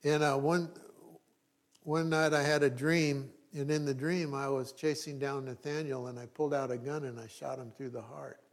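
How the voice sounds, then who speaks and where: Middle-aged male pastor, mid-pitched voice, easygoing sermon delivery with dry jokes and self-corrections. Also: flat delivery, normal speed. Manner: conversational, with wry humorous asides and restarts.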